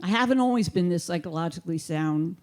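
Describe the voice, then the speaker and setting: Deadpan woman doing stand-up. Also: fairly low pitch, quick pace, a little hiss or hum. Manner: deadpan, mock-authoritative. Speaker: stand-up comedian. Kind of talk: stand-up comedy set. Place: comedy theater stage.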